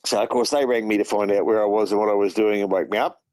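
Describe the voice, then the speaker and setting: A man's voice: lowish voice, steady tone, fast, darkish tone, no room sound, poor audio. A man with an Australian accent, a truck driver and regular guest, telling long rambling anecdotes in casual chat and retelling what others said. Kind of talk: casual phone-in storytelling.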